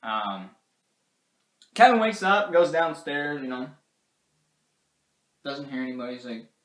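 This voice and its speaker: A man's voice: mid-range voice, lively intonation, measured pace, a bit bright. A man casually recapping a movie in a rambling way, full of fillers, now and then putting on character voices. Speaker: movie reviewer. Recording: roomy echo.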